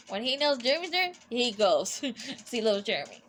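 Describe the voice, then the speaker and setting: A woman's voice: a little high, big pitch swings, moderate pace, fairly bright tone, a little hiss or hum. A young woman telling a personal story in a casual, rambling way, with many restarts and fillers. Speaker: vlogger.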